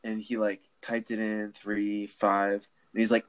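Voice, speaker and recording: A man in his early twenties, chatting casually on a podcast and telling lively stories. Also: fairly low pitch, measured pace, clear, resonant tone. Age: 20s. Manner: animated storyteller who acts out the people he quotes. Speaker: podcast co-host.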